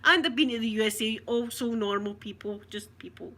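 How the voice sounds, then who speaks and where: Scottish lady nattering away to her viewers, laughs a lot, kinda high voice. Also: fairly quick, bright, forceful tone, slight background noise. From Scotland. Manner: chatty, laughs often, reads out viewer comments. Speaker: vlogger. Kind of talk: casual live chat.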